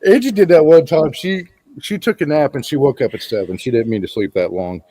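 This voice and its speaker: A man co-hosting a casual podcast, telling a relaxed story. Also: a little high, a little fast, no room sound. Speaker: podcast co-host. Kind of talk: casual chat.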